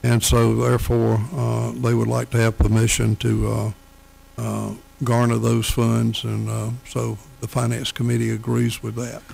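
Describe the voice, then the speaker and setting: A man presenting finance committee items at a county council meeting, talking haltingly with many fillers. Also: mid-range voice, monotone, vocal fry, darkish tone, husky, low-quality recording.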